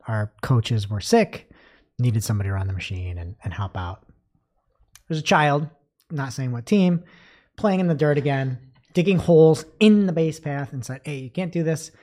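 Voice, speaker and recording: A man's voice: medium pitch, normal speed. A man co-hosting a podcast, telling a self-deprecating story in casual chat. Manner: self-deprecating storyteller, lively animated delivery. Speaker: podcast co-host.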